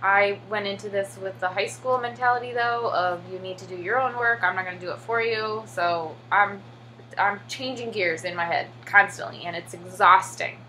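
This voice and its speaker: A chatty young woman from the United States talks to camera in a casual vlog, full of "like" and "um". Her voice sits at a middle pitch. A faint hum runs underneath the recording. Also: normal speed, sharp tone, low-quality recording. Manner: chatty, many fillers and "like"; acts out children's voices when telling stories. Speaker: English teacher in Korea.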